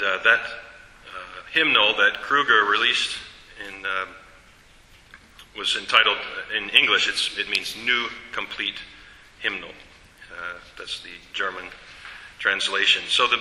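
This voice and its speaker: A man teaching a class about a hymn tune, explaining in a measured way with fillers and self-corrections. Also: lowish voice, sharp tone, reverberant, in a large hall, low-quality recording. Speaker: teacher presenting a hymn study.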